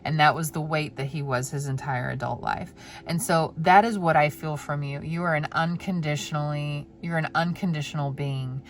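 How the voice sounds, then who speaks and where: A woman giving a pick-a-card tarot reading in a gentle, heartfelt way. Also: low-pitched, steady tone, moderate pace. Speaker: tarot reader.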